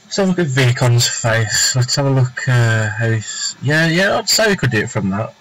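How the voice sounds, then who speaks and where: A man talks on a home live stream, rambling and thinking aloud as he sketches. His voice sits at an ordinary middle pitch, and he muses to himself between loose remarks to viewers. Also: expressive, normal speed, a bit bright, poor audio. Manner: rambling, thinking aloud with fillers and self-talk. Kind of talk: casual live-stream chat while drawing.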